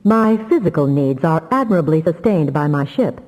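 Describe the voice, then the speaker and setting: A woman's voice: deep voice, lively intonation, normal speed, a little mellow, long reverb tail, muffled recording. Woman voicing a cool, brusque male alien mind.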